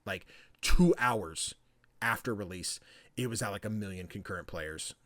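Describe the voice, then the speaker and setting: A man's voice: on the low side, normal speed, fairly bright tone, dry recording. A young man hosting a podcast, chatting casually about video games in a loose, swearing, playful way. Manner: loose and chatty, swears freely, acts out game characters. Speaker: podcast host.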